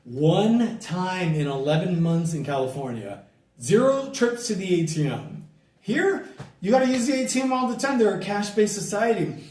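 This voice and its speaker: A middle-aged man from the United States rants loudly and profanely into his camera, irritated and swearing freely. His voice sits a little high for a man. He stands off from the mic, and the sound is roomy and hollow. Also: animated, normal speed, recorded from a distance. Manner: loud, profane, ranting and irritated. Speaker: vlogger. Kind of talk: profane outdoor rant to camera. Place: outdoors at dusk, bugs and a barking dog nearby.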